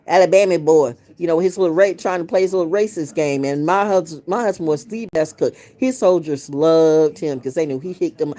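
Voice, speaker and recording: A woman's voice: deep voice, brisk, hardly any pauses, dark tone. A middle-aged woman from the United States ranting casually to her viewers, blunt and profane, telling stories with lots of animation. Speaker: vlogger. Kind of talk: casual rant to camera.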